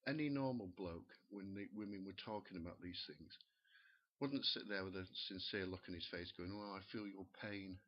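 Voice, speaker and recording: A man's voice: low-pitched, moderate pace. A man doing a stand-up comedy rant, sneering and exasperated, swearing freely. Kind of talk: profane comic rant. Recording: muffled lo-fi recording.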